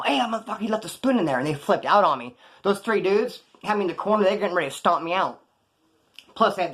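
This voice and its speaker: A middle-aged man rattles off stories from his past at a rapid clip, in a voice that sits a bit high for a man. He talks in loose street slang and drops into other people's voices when he quotes them, keeping it animated. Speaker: storyteller. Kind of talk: casual storytelling.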